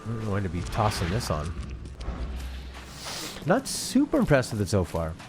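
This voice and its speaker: A man's voice: on the low side, huge pitch swings, moderate pace, over music. A man streaming a game, chatting casually and musing aloud about what he sees. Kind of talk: casual gameplay commentary.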